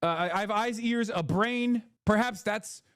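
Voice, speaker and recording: A man putting on a sneering, high mocking voice. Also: a bit bright, clean tone. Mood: sarcastic mocking. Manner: sarcastic, drawn-out, high mocking tone. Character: sneering condescending mock accuser, adult male.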